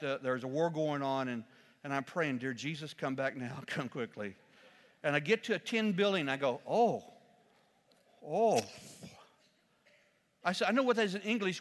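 Preacher guy telling a mission story, voice a bit high, goes loud then hushed, big hall echo. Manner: animated storyteller, swings from loud exclamations to quiet solemn asides. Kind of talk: sermon storytelling.

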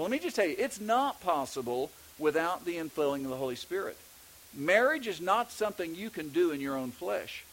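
High-voiced Texan pastor preaching. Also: male voice, a bit bright, low-quality recording. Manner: conversational preaching with frequent restarts. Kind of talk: sermon.

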